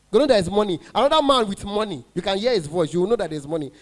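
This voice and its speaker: Nigerian comedian MC, high bright voice. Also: male voice, animated, fast talker, hardly any pauses. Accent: Nigerian English. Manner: banters with the audience, mixes in pidgin. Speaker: stand-up comedian and event MC. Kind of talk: stand-up comedy at a party.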